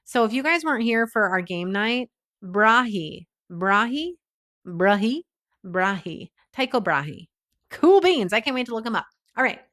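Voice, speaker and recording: A woman hosting a relaxed livestream, talking straight to her viewers. She keeps reading out their names and comments and laughs often between lines. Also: on the high side, moderate pace. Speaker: livestream host. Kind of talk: casual livestream chat with viewers.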